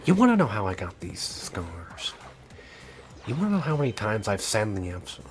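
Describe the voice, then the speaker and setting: A man's voice: fairly low pitch, sing-song, normal speed, soft background music. A man voicing the Joker as a menacing, grinning villain, taunting and conspiratorial.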